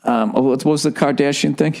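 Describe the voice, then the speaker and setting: A man in his fifties with a Boston accent, hosting a podcast in casual, profane and animated chat. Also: medium pitch, quick pace, gravelly. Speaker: podcast host.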